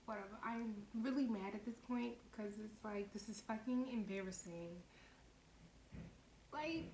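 A young woman telling a storytime, animated, blunt and full of profanity. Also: fairly high pitch, a little slow, vocal fry, slight background noise. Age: young adult. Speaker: vlogger and lash tech. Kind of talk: storytime monologue. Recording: echoey room.

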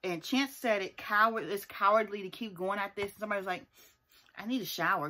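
A woman's voice: mid-range voice, fairly quick, pushed and bright. A woman giving a casual, sassy recap of a reality TV episode, driving her points home with emphatic asides. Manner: sassy and emphatic, often tags points with "okay?". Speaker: TV show reviewer.

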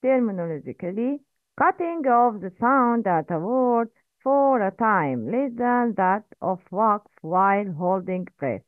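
A woman teaching Quran recitation, drilling pronunciation slowly and correcting errors. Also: mid-range voice, expressive, no room sound. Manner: slow, drilling repetition with corrections. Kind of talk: recorded language lesson. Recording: tinny phone-like audio, dry.

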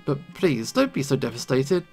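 Dude reading a sorry café owner guy, soft-spoken, gravelly, game music faint. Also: medium pitch, very animated, moderate pace. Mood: apologetic.

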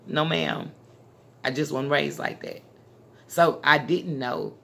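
A woman's voice: deep voice, wildly swooping pitch, slow, creaky, fairly bright tone. A woman from Dallas, hosting a casual talk conversation in a blunt, emphatic manner. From Dallas, Texas. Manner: blunt, emphatic, street-talking. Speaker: channel host.

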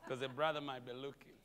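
A man preaching a sermon as pastor, animated, calling out to the congregation and chuckling between points. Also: mid-range voice, moderate pace, big-room sound, some chatter behind. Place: church sanctuary.

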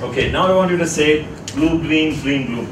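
Heard from far off in an echoey classroom, a man lectures, questioning students and guiding them through a word exercise. His voice is on the high side at a normal speed, with heavy background noise.

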